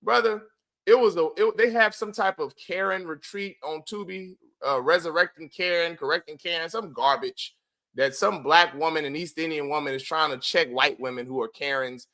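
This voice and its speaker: A man hosting a livestream, giving a forceful, preachy commentary and often calling his listeners brother. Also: fairly high pitch, moderate pace. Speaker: host of a religious group's class.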